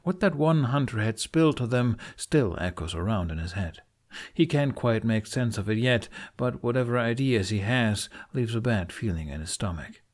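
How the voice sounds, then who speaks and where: A man narrating a fan fiction audiobook with an expressive reading. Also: medium pitch, moderate pace.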